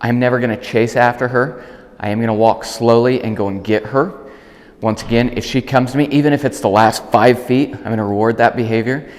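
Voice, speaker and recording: Calm man explaining dog training. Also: brisk, big-room sound. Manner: calm explaining, bursts of high praise calls to the dog. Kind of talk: outdoor training demonstration.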